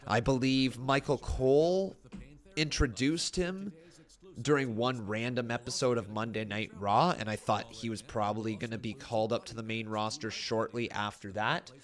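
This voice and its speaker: A man's voice: mid-range voice, steady tone, moderate pace. A man casually reacting to wrestling on a live stream, reading chat messages aloud and rambling with frequent laughs. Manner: joking, laughs often.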